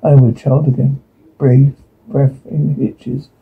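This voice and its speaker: A man reading aloud a TV episode's audio description and dialogue in a flat way, often stumbling and repeating words. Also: mid-range voice, slow pace, husky. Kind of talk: reading aloud a transcript with sound cues. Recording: tinny phone-like sound.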